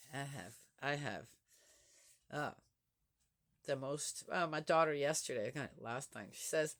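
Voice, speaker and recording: An older woman speaks slowly to her viewers in a bright, clear voice. Her pitch sits low, yet it rises and falls a great deal. She talks frankly and chattily, with soft laughs. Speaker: vlogger. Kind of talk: casual talk to camera.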